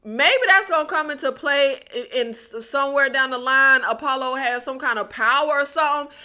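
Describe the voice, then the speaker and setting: A woman's voice: sits high, normal speed, sharp tone. A woman recapping a TV episode in a casual, exasperated tone, firing off sarcastic rhetorical questions at her viewers. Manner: addresses viewers as y'all. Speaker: TV recap vlogger.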